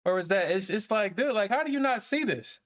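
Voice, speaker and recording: A man's voice: sits high, fairly quick. A man hosting a live trading stream, chatting casually, swearing and laughing as he talks. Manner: animated, swearing, laughing often. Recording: dull lo-fi stream audio.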